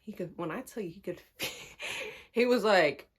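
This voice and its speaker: Young woman doing a storytime, super animated, laughs a lot, voice jumps high. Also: measured pace, slightly rough. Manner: animated, laughs often, swings pitch high when amused. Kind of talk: casual storytime chat.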